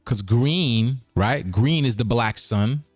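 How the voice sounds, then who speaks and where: A man hosts a casual livestream, rambling and repeating himself as he goes. His voice sits at an ordinary pitch and sounds dry and close. Faint music plays softly behind him. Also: lively intonation, slow pace, no echo. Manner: rambling, repetitive, chuckling asides. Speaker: streaming show host.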